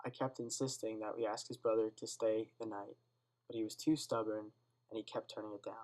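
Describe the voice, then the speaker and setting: A teenage boy reading a dark first-person school story aloud in a steady, subdued way. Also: lowish voice, fairly quick, rough recording. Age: teens. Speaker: student reader.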